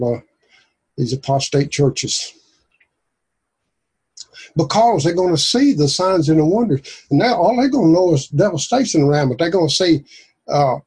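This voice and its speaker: Male preacher, husky and a bit high, folksy and emphatic. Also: darkish tone, rough recording. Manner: rambling, folksy, emphatic, many restarts. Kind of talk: informal sermon.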